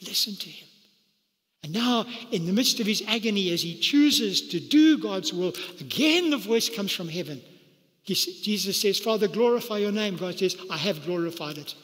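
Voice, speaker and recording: A man preaching a sermon, dramatically acting out the quoted lines. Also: moderate pace. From South Africa. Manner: animated preaching, acting out quotes with sudden pitch leaps. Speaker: pastor. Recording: church hall with long reverb.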